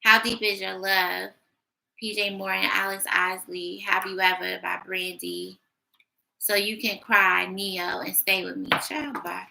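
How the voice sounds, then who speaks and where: Woman, tarot reader, casual monologue, blunt and sassy, raspy fry, piercing bright tone. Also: mid-range voice, level tone, unhurried, rough recording. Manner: blunt, sassy, thinking aloud.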